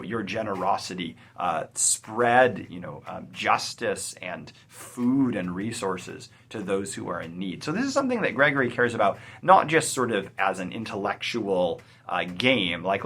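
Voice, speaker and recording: A man hosting a poetry channel, explaining a poem in an animated, emphatic way, with some fillers. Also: lowish voice, moderate pace, a little hiss or hum. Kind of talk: explanatory video lecture.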